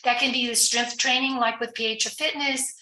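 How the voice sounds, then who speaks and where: Bright-voiced woman explaining earnestly. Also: fairly high pitch, steady tone, fairly quick, echoey room, rough recording. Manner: earnest, explanatory, with frequent fillers and restarts. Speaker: guest addiction recovery professional. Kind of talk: conversational podcast interview.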